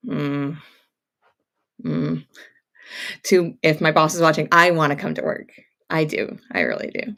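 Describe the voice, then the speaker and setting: Woman livestream host with a low, gravelly voice. Casual and talkative, greets viewers by name and wanders off on chatty tangents. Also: a bit bright. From upstate New York, near Montreal. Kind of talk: casual live-stream chat.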